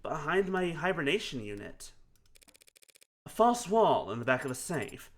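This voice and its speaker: A man's voice: a little high, big pitch swings, unhurried. A man voicing a formal, literal android. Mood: earnest. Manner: polite, precise and literal.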